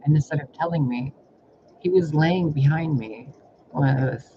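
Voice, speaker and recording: Man with a fairly high voice, cursing, exasperated, rambling vlog story, dull lo-fi audio, faint hiss. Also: moderate pace, mellow. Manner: profane, exasperated, rambling with restarts. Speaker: spiritual reader recounting personal life.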